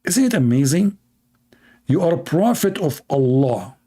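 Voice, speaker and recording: A man's voice: on the high side, very animated, warm tone, slightly rough. Sarcastic man. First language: Arabic. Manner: sarcastic, joking, drawn-out mock voices. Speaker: debate streamer. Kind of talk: mocking live-stream commentary.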